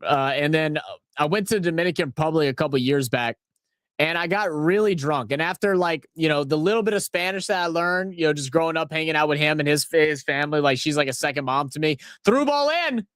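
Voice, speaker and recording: A man's voice: on the high side, a little fast, no room sound, clean studio sound. A man with a New Orleans accent, rambling and swearing as he casually talks over a live match and tells stories. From New Orleans, USA. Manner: rambling, profane, excitable. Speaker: watch-along host.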